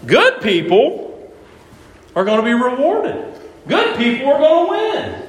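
A man's voice: very high-pitched, slow, slight background noise. A man preaching a sermon who keeps putting questions to his listeners and hammers his points home. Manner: lively, questioning the audience, emphatic. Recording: echoey room with faint ambience.

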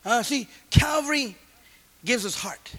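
A middle-aged man preaching a sermon and telling his own testimony in street slang, going from loud calls down to hushed asides. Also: extremely high pitch, lively intonation, a little slow.

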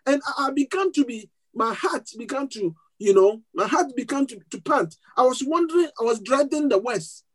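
A male preacher telling a story from the pulpit, lively and chatty. He often stumbles and repeats words as he searches for the next thing to say, then pushes on. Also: very high voice, normal speed, few pauses, low-quality recording. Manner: repetitive restarts, animated storytelling with laughs. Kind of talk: sermon storytelling.

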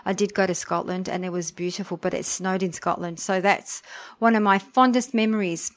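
A woman's voice: on the low side, steady tone, a little fast. Upbeat woman hosting a podcast. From Australia. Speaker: podcast host. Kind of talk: scripted podcast intro and interview.

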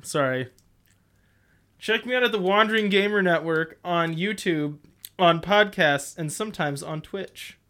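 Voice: mid-range voice, unhurried, sharp tone. Rambling chatty podcast host. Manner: rambling, heavy use of "like", frequent laughter. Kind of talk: casual podcast chat.

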